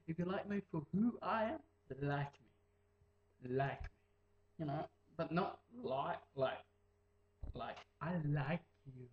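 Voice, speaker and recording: A man's voice: fairly high pitch, roomy sound, lo-fi sound. A teenage boy rambling in a casual vlog, mumbling and jumping into silly voices. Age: late teens. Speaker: vlogger.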